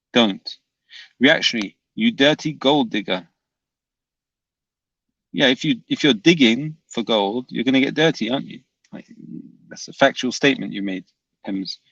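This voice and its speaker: A man's voice: mid-range voice, gravelly, a bit bright, no room sound. A man hosting a livestream, reading chat comments aloud and answering them with dry, unbothered banter. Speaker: livestream host. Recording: dull dry lo-fi mic.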